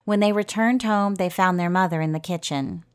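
A woman narrating a fairy tale in a gentle storytelling manner. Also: lowish voice, moderate pace, clear, resonant tone.

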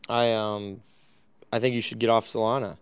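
A man's voice: on the low side, little pitch movement, moderate pace, smooth. A man hosting a casual crypto chat, blunt and offhand.

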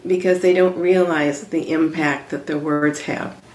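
A woman spiritual healer, a guest on an interview, explaining ideas in a calm, teaching tone. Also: deep voice, measured pace. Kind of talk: conversational interview answers. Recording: roomy echo on her audio.

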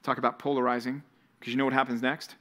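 A male pastor preaching a sermon to a college ministry, retelling Bible scenes with animated storytelling. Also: mid-range voice, fast talker.

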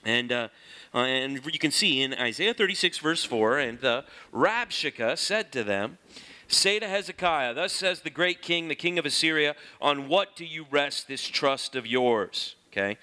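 A man teaching through a Bible passage in a lively, conversational way, reading scripture aloud and explaining it. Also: a little high, a little slow.

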